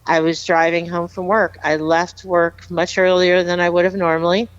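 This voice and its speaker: A woman's voice: lowish voice, flat delivery, moderate pace, clean tone, dry recording, muffled recording. A woman guest on a podcast, earnestly telling a personal story with emphatic repeats. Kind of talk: heartfelt storytelling, casual chat.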